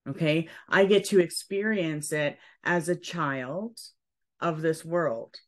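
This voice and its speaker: A woman leading a spiritual cacao ceremony at home, speaking gently and soothingly, often checking in with "okay". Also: deep voice. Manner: slow, gentle, soothing guidance with frequent "okay". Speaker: ceremony leader.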